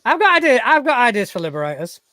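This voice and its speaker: A man's voice: extremely high pitch, very animated, fast, sharp tone. A man chatting as a podcast co-host, teasing and wry, laughing along with his partner. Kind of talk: casual chat.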